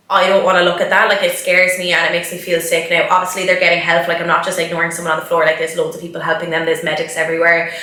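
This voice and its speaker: Young woman, vlogger, candid, emotional, filler-heavy, bright voice, very echoey room. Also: on the low side. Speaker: vlogger, marathon runner. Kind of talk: reflective vlog talk.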